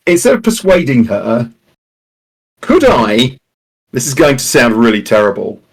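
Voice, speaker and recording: A man's voice: mid-range voice, sing-song, a little slow, gravelly, husky. A man playing a tabletop game, chatty and self-deprecating with many restarts. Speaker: player. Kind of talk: casual chat.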